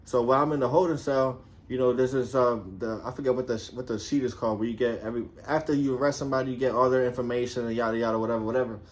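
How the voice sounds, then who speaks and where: Speaking fast with few pauses, an ex-cop recounts a story in a casual, animated way, cursing heavily and imitating the voices of the people involved. His voice is medium-pitched.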